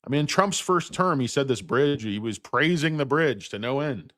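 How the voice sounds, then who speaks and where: A man's voice: lively intonation, normal speed, no echo. Guy ranting on his stock stream, swears a lot, voice jumps all over, dry close sound. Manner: profane, blunt and indignant; swings between loud outbursts and low muttered asides. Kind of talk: livestream rant answering chat.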